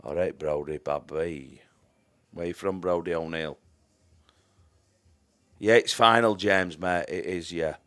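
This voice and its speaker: A man's voice: sits low, fairly even intonation, measured pace. A man giving chatty live-stream commentary on a pool match, greeting viewers by name and trailing off into mumbled asides.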